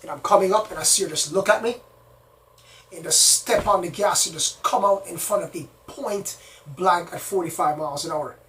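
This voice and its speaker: A man's voice: high-pitched, moderate pace, fairly bright tone. A man hosting his own channel, telling a story in the first person in a rambling, repetitive way. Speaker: channel host. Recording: distant mic, faint background noise.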